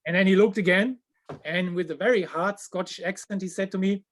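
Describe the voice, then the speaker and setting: A man with as his telling a funny tour story in casual chat, animated and dropping to a hushed voice at embarrassing moments. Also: high-pitched, fairly quick.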